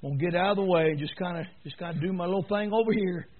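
Preacher on a tinny line. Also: male voice, rapid-fire. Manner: swings from low murmurs to high shouting exhortation. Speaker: pastor. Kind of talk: sermon. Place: church. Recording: tinny phone-like sound.

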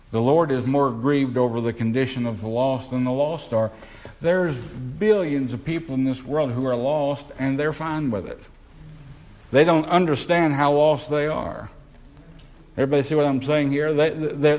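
Man preaching a slow, questioning sermon. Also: medium pitch, darkish tone, rough recording. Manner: asks the congregation questions, slows down to stress words.

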